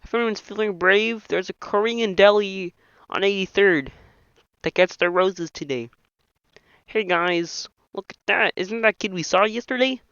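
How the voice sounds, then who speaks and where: A nasal, bright puppet frog. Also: male voice, high-pitched, a little slow, clean tone, dry recording, exaggerated voice. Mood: froggy reading. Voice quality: nasal, reedy. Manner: reads every character in the same frog voice. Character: famous puppet frog, nasal, excitable male. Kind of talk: comedic impression reading a film script. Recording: dull lo-fi dry home mic.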